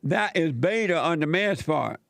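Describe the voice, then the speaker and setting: A man sits in as host of a call-in talk show, speaking in a fairly high voice for a man. He talks bluntly and with strong opinions, in plainspoken, casual grammar. The sound is dry, close and studio-clean. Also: lively intonation, unhurried, creaky, fairly bright tone, dry recording.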